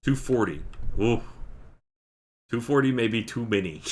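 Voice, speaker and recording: A man's voice: mid-range voice, expressive, unhurried. A man casually chatting on a live game stream, thanking viewers by name as he plays. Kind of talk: casual live-stream chat while gaming.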